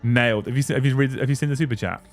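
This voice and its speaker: A man's voice: medium pitch, racing, soft background music. Blunt, sweary man streaming. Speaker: streamer host reading super chats. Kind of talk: casual livestream rant.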